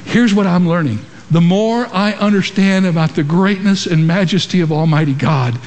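A man's voice: on the high side, a little mellow, a little hiss or hum. Preaching man in a reverberant hall. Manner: emphatic preaching with rhetorical questions. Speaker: pastor. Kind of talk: sermon. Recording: long reverb of a large hall.

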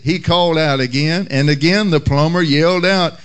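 A male pastor praying and preaching a sermon in a measured, unhurried way, with occasional fillers. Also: a little high. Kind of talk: sermon with prayer and humorous story.

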